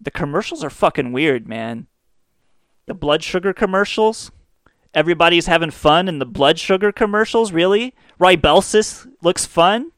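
Profane, animated ranting male podcast host. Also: fairly high pitch, normal speed, no echo. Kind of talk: ranting comedy monologue.

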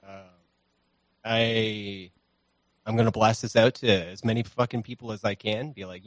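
Here the same lowish male voice stays steady, moving a little slowly and pausing often. He's a podcast guest in casual, rambling, profane, self-deprecating conversation, captured dry on a home streaming mic.

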